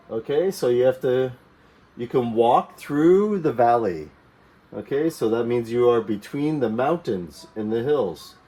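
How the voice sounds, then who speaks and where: A man's voice: mid-range voice, dark tone. A man teaching a geography lesson to young learners, repeating key words and checking understanding with frequent "okay" and "right?".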